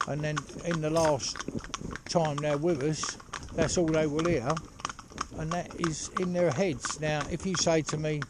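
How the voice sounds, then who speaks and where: A horse trainer talking casually outdoors while driving a pony cart, rambling and chatty with lots of "you know". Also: male voice, on the high side, fairly even intonation, unhurried. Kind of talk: casual spoken instruction while driving ponies. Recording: loud hoof clatter and outdoor noise.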